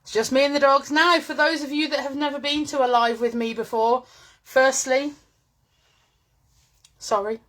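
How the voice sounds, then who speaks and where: A woman's voice: sits high, fairly even intonation, moderate pace, long pauses, a bit bright. A woman hosting a chatty live-stream craft demo from home, bubbly and greeting viewers by name, talking into a phone. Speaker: craft presenter. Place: at home with her dogs.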